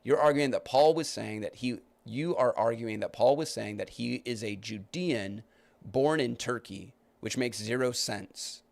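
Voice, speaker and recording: A man's voice: medium pitch, a little slow, gravelly, a little mellow. A man hosting a podcast, arguing his point and rebutting comments he reads aloud, with many restarts. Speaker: podcast host. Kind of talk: live-stream commentary reading comments.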